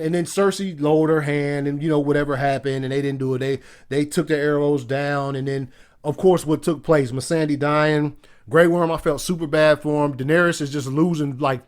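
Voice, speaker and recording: A young adult man hosting a podcast, recapping an episode in casual, profane, emphatic talk. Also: a little high. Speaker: podcast host.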